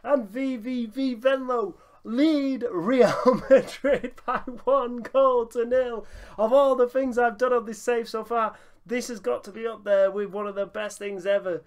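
A young man giving excitable running commentary over a football management game, breaking into laughter and shouts. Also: extremely high pitch, measured pace. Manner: excitable, bursts into shouting and laughter at big moments. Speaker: gaming YouTuber.

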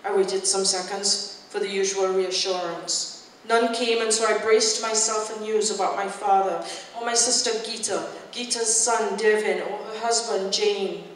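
A woman, an author, giving a live reading of her fiction in measured, intense first-person storytelling. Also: mid-range voice, steady tone, a little hiss or hum. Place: festival event hall. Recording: echoey hall from far off.

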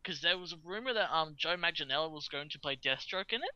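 A man's voice: fairly high pitch, animated, bright, forceful tone, smooth, dry recording, lo-fi sound. A man co-hosting a casual podcast, reading out the news with many ums and frequent laughs. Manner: halting, full of ums and uhs, laughs often.

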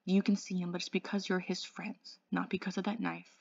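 A woman voicing a calm, unflappable male doctor, speaking quietly and steadily. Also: lowish voice, brisk, creaky, slightly rough. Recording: dull lo-fi dry audio.

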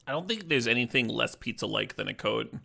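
A man streaming a card game draft, talking casually in a playful, joking way and swearing when excited. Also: mid-range voice, brisk, vocal fry.

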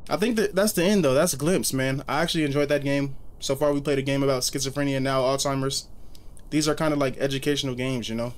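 A man's voice: medium pitch, steady tone, fast talker. A man hosting a horror game let's play, talking casually and reacting aloud in a chatty way. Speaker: gaming video host.

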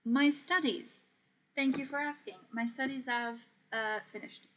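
A young Portuguese woman hosts a relaxed sewing livestream, her high voice bright and steady at a measured pace. She chats easily as she works, reading viewer comments aloud and laughing often.

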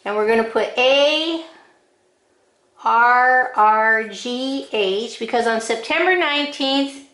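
Woman, drawing teacher, fairly high voice, unhurried step-by-step delivery, echoey room. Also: fairly bright tone. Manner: slow, patient, gives short drawing directions one step at a time.

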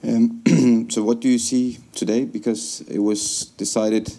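A man moderating a school talk, asking measured questions with occasional fillers. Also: mid-range voice, steady tone, dark tone.

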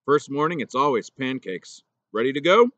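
A man voicing a gruff, remorseful older male teacher in a storybook reading, talking plainly and low. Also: expressive, moderate pace, a bit bright, dry recording, muffled recording.

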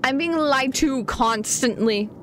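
A young woman streaming a game live, excitable and chatty with her viewers, often gasping and giggling. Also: high voice, slow pace, slight background noise. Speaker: gaming streamer. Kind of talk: live gameplay commentary.

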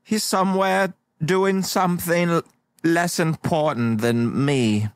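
A man's voice: a little high, steady tone, takes it slowly, dry recording, studio quality. A man voicing an eccentric adult son who sucks up to his father and boasts about himself. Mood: fawning. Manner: sucking up, boastful.

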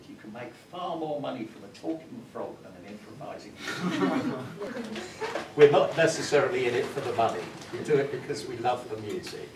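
A man leading a university music workshop as visiting professor, explaining ideas and telling a story in a thoughtful, instructive way. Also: medium pitch. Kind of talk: workshop lecture. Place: university classroom. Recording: roomy classroom from far off, noisy.

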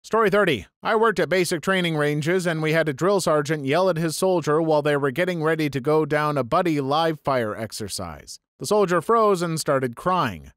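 Guy reading reddit-type stories, bouncy lively voice, a bit high, snarky little asides, dry close sound. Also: moderate pace, few pauses, no echo. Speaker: story channel narrator. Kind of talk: reading online stories aloud.

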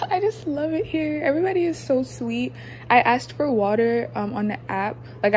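A woman's voice: on the high side, slight background noise. A young woman in her twenties chatting casually to her camera in a hotel room, upbeat and laughing often. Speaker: vlogger. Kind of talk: casual vlog chat to camera. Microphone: handheld phone or camera.

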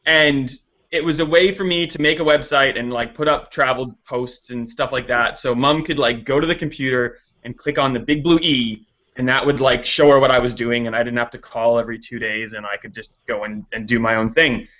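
A man's voice: medium pitch, fairly even intonation, brisk, sharp tone, dull audio. A man from Canada, a guest on a talk show, chatting casually and self-deprecatingly with lots of fillers. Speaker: guest, gaming website founder. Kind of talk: casual chat.

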